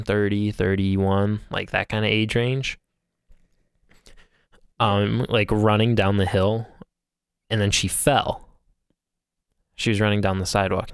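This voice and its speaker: Brief: man, lowish gravelly voice, rambling storyteller on a podcast, dry close sound. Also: no room sound. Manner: rambling storyteller, laughs often, swears casually. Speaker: podcast co-host. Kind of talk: casual chat.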